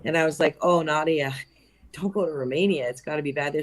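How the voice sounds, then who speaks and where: A woman's voice: low voice, quick pace. Chatty woman. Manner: chatty, laughs often, trails off mid-sentence. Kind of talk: casual panel chat.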